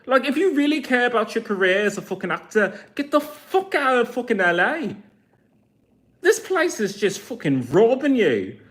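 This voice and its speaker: A man's voice: extremely high pitch, big pitch swings, normal speed, fairly bright tone. A man in his forties, talking to camera in a blunt, mocking rant full of swearing. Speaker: vlogger.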